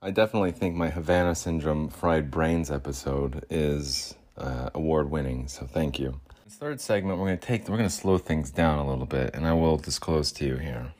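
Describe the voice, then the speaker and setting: This podcast host has a very deep, slightly dark voice and keeps a moderate pace. Alone at the mic, he meanders through his monologue, dropping in self-deprecating asides with a chuckle.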